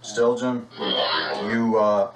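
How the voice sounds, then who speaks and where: A man who is a reality show contestant, speaking in a calm, placating way. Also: medium pitch, very slow. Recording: distant mic, loud noise, echo.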